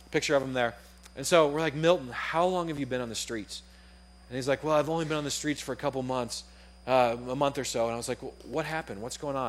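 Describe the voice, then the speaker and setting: A young adult man preaching a sermon in a casual, animated way, acting out the voices in his story. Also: mid-range voice.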